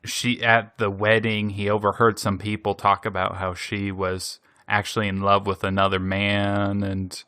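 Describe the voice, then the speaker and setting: A man hosting a podcast, casually recapping an anime episode in an animated way, laughing often and using many fillers. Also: lowish voice, a little slow, few pauses, clear, resonant tone, dry recording, studio quality. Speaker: podcast host.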